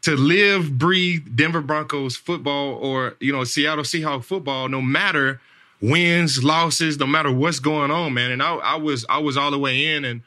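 A man's voice: fairly high pitch, unhurried, sharp tone. A man in his thirties hosting a podcast, telling a story in a rambling casual way, repeating words and saying "man" and "like" a lot. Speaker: podcast host, NFL player.

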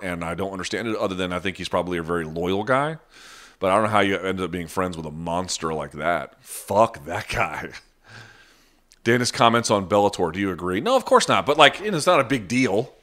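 Brief: low-voiced male live-chat host, blunt and profane, unscripted. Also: fairly bright tone. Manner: blunt, profane, talks off the cuff. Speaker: live chat host answering viewer questions. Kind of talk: casual live-stream chat.

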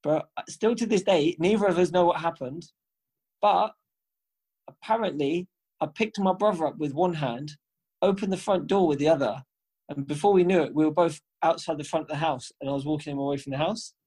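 A young man talks casually on a podcast, telling stories full of slang and swearing. His voice sits on the higher side for a man. He keeps the tale moving as a relaxed co-host. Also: fairly quick, breathy edge. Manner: animated anecdote-telling, slangy and profane. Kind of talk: casual chat, storytelling.

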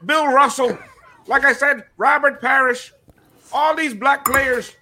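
A man voicing an old male leprechaun mascot who answers an interviewer with indignant, shouting denials. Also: very high-pitched, slow pace, a little hiss or hum, full character voice. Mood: defensive.

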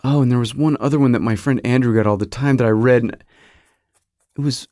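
A man's voice: mid-range voice, brisk, dark tone, dry recording. Rambling, nostalgic American man, dry sound. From United States. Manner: nostalgic, self-interrupting, searches memory aloud. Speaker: podcast host. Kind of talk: rambling monologue.

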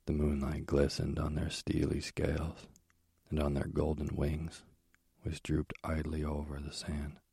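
A man reads a myth as an audiobook in a measured, steady way. His voice is extremely deep and husky. It stays dry and close. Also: dry recording. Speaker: narrator.

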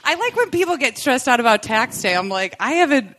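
A woman from Rhode Island co-hosting a live comedy podcast, throwing in quick deadpan quips. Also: a little high, a little hiss or hum. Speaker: podcast co-host. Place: live stage before an audience.

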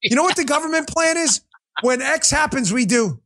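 Male podcast host, high and very animated voice, sarcastic, profane, rant-style commentary. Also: normal speed. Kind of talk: ranting political commentary.

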